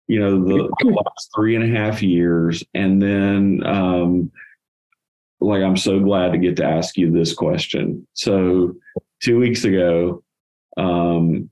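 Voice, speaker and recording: Male podcast host, deep and unhurried, halting questioner. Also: mellow, low-quality recording. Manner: halting, filler-heavy questions. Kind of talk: casual interview.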